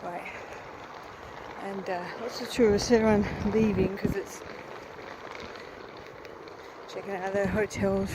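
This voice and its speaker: A woman's voice: mid-range voice, little pitch movement, normal speed. A woman vlogging a casual walking tour outdoors, chatting in rambling asides while filming on a handheld camera. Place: outdoors on busy town streets. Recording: loud street and traffic noise. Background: traffic and town bustle.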